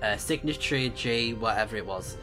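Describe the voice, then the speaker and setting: A man's voice: on the low side, normal speed, over music. Chatty man playing a mobile game. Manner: chatty, amused, laughs at the story. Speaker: gaming channel host. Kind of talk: let's play commentary.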